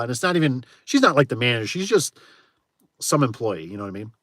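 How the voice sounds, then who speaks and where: A man's voice: medium pitch, animated, fast talker, fairly bright tone, no room sound, studio quality. A man who runs a garage door repair business, chatting casually with viewers on a livestream, laughing often and tossing in frequent exclamations.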